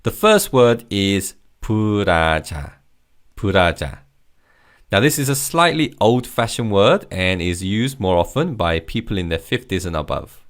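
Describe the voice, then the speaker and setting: Lively low-voiced man teaching vocabulary. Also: moderate pace. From Korea. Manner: patient, clear explanations with repeat-after-me drills. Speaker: language teacher. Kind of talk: scripted language lesson.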